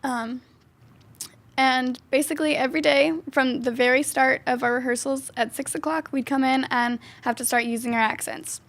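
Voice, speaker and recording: A woman's voice: sits high, steady tone, normal speed, fairly bright tone. A young woman, a student actor, answering interview questions casually and laughing often. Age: young adult.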